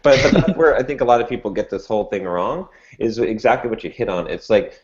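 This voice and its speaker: Low-voiced man making a point on a podcast. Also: fairly quick. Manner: opinionated, many fillers and restarts. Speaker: podcast co-host. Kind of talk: casual podcast chat. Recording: dull lo-fi audio.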